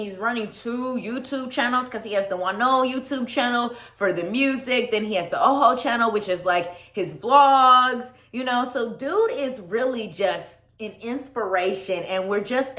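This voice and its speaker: Enthusiastic woman vlogger, animated and gushing, recorded in a reverberant room. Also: medium pitch, measured pace. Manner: gushing, animated, laughs often, repeats words for emphasis. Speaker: vlogger reviewing a music album. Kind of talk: casual excited vlog talk. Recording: echoey room.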